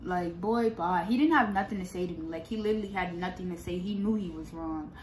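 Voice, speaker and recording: A woman's voice: fairly low pitch, fairly quick, slight background noise. A young woman telling a storytime to camera in casual, blunt, slangy and profane talk. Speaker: vlogger. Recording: echoey room.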